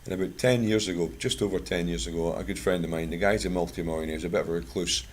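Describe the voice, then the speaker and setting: A man's voice: low-pitched, fairly even intonation, fast talker, a little hiss or hum. A Scottish man from Scotland giving a chatty, plain-spoken talk to a bird club, mixing product advice with anecdotes. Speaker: guest speaker at a bird club.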